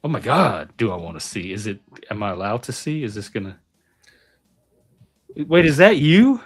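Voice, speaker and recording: A man hosting a casual panel chat, teasing and wisecracking with quick asides. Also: fairly low pitch, big pitch swings, husky. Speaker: host.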